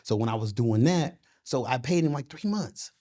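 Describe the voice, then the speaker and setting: A middle-aged man spins a profane, lively story in a casual interview. His voice jumps around in pitch as he gets worked up. He keeps checking in with the listener as he talks. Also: normal speed. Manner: profane, animated storyteller with frequent "you know what I'm saying". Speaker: boxing and MMA coach, guest.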